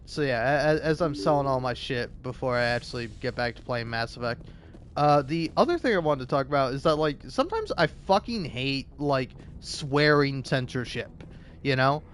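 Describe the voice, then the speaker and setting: A man hosting a gaming video, ranting casually with constant swearing and lots of filler words, building into loud outbursts. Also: fairly high pitch, moderate pace, a little hiss or hum. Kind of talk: casual profane rant.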